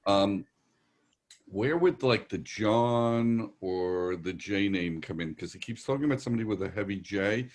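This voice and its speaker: A man with a New York accent works as a psychic medium on a live virtual show, rambling through reassuring readings and relaying messages in quotes. His voice is on the low side, and he takes his time.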